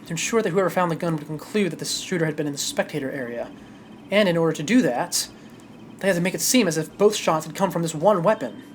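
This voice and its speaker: Streamer voicing a cool male prosecutor, formal, measured, steady pitch, game read-aloud. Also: slight background noise, natural voice. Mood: composed.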